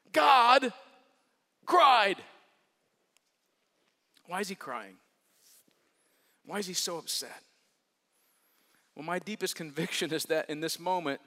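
A man with a high voice delivers an earnest sermon, dropping to near-whispers and then rising to emphatic peaks as he repeats key words. His voice rings out with the long reverb of a large church hall. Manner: earnest preaching that swings from hushed to emphatic, with repetition. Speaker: pastor.

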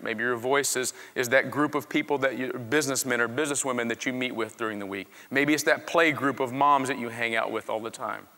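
A man preaching a sermon, swinging from quiet talk to loud, animated shouting. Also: mid-range voice, big-room sound. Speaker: pastor.

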